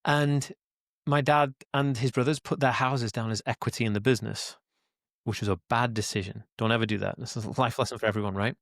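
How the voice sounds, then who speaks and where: A Welsh man in his forties talks in a loose, rambling way, stacking up "like" and checking in with "right?" as he goes. He sounds earnest and emphatic, and his voice sits at a middling pitch for a man. The recording is dry, with almost no room sound. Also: steady tone, brisk, no room sound. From Wales. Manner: rambling, lots of "like" and "right?", repeats words; earnest and emphatic, addresses listeners as guys. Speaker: interview guest, autism advocate. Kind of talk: casual storytelling in a conversation.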